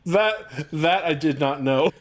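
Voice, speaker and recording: A man's voice: fairly high pitch, slow. A man co-hosting a casual comedy podcast, joking, laughing often and slipping into silly voices. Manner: jokey, laughs a lot, slips into silly voices. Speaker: podcast co-host.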